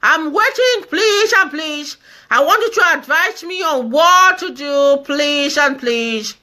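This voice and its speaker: A woman's voice: high-pitched, lively intonation, takes it slowly, sharp tone, full character voice. A woman in a comedy skit playing a fussy elderly mother who pleads and wails, with a squawky, cracked voice. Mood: pleading. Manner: pleading, repetitive, wailing complaints. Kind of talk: comedy skit, live video.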